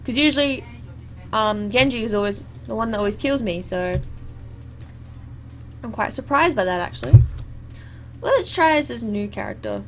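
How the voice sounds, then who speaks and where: A woman's voice: fairly high pitch, animated, normal speed, long pauses, fairly bright tone, faint music behind. A young woman, chatting and exclaiming as she comments live on her own gameplay. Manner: chatty, exclaiming at the game, laughing. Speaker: gaming YouTuber.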